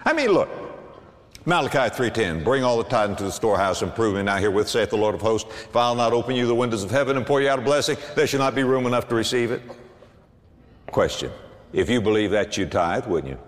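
A man preaching a sermon to a congregation, animated, with big swings and emphatic bursts. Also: medium pitch, fast talker, long reverb tail. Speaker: pastor.

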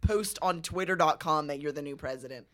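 A woman co-hosting a podcast, making dry, deadpan quips in casual chat. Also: low-pitched, a little fast. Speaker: podcast co-host.

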